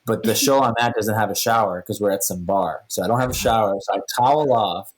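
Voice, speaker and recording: Male podcast guest, low-ish voice, animated casual storyteller. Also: brisk. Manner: animated, acts out dialogue.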